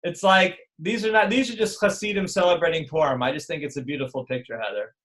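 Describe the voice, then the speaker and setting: This middle-aged online teacher speaks quickly at a fairly high pitch, his tone a little bright. He rambles through a relaxed, digressive lecture, slipping into impressions of other people as he goes.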